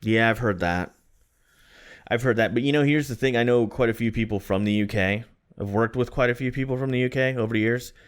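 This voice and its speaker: Smooth-voiced man in casual podcast chat. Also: medium pitch, a little fast. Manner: chatty, rambling, lots of "like" and "man". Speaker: podcast co-host.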